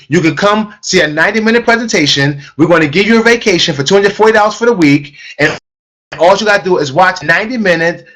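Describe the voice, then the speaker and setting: A man's voice: sits high, fairly bright tone. A man teaching a live online sales webinar as a trainer, talking emphatically and repeating key phrases for stress.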